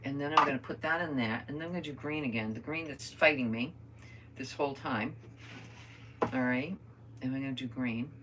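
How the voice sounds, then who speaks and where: A woman's voice: very deep voice, a little fast, long pauses, heavy background noise. An older woman chatting casually to viewers while she crafts at home, rambling through stories and talking to them as friends. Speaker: crafter vlogger.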